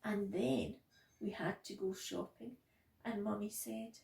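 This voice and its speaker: A woman who works at a nursery, reading a picture book aloud to young children in a gentle, expressive way. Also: mid-range voice, slow, creaky, echoey room, far from the mic, poor audio. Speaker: nursery practitioner.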